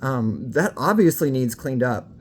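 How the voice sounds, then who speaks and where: Speaking in a rumbling low voice, this vlogger addresses the camera in an animated, unhurried way. She's candid and casual, curses freely, and is slightly breathless, with background noise behind her.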